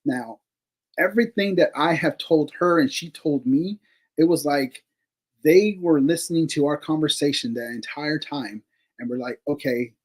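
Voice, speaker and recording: Husky man telling a rambling story. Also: fairly high pitch, normal speed, low-quality recording. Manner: rambling, with many fillers and casual swearing; laughs between remarks. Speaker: paranormal investigator guest. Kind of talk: casual storytelling.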